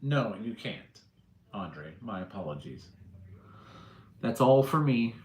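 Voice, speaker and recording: A man's voice: lowish voice, big pitch swings, slow pace, reverberant, muffled recording. A middle-aged man hosting a casual live chat, blunt and profane, chuckling as he answers comments. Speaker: livestream host.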